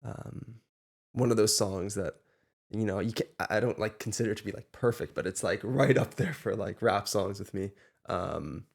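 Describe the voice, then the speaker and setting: A young man in casual conversation with his father, speaking in a low, gravelly voice. He agrees readily with a stream of quick yeahs. When he explains his views, his sentences loosen and ramble. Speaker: son co-hosting a reaction. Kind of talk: casual reaction chat.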